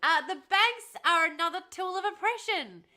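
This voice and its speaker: Bright high-voiced woman streamer. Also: expressive, moderate pace. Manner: chatty, laughs often, sarcastic asides. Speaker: livestream host reading chat. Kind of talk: casual livestream chat.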